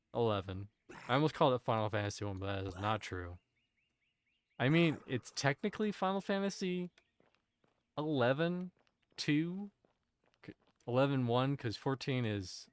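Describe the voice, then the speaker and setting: Here a man with a smooth, mid-range voice talks on a dry recording while streaming a game. His chat with viewers is casual and rambling, full of half-finished thoughts he abandons partway through.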